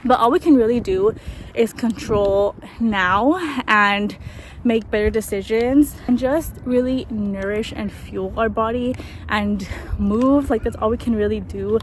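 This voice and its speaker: A woman's voice: on the high side, a little slow, a little hiss or hum, low-quality recording. A young woman vlogging on a walk in a park after a run, out of breath, chatting to her viewers in a rambling way. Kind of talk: casual vlog chat to camera.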